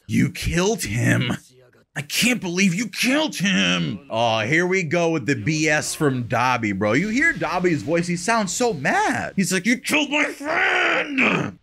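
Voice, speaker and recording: A man's voice: a little high, fairly bright tone. A man hosting an anime reaction channel, giving chatty commentary full of slang and tag questions.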